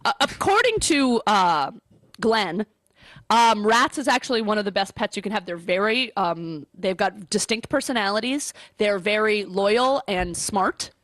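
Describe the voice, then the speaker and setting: A woman's voice: mid-range voice, animated, unhurried, a bit bright, no echo. A woman co-hosting a casual chat show, blunt and opinionated. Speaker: co-host.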